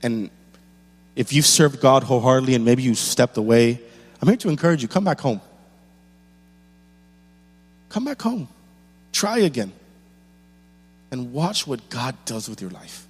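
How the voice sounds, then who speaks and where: A man's voice: medium pitch, lively intonation, moderate pace, long pauses, long reverb tail. A man preaching a sermon as pastor, building intensity with rhetorical questions and repeated lines.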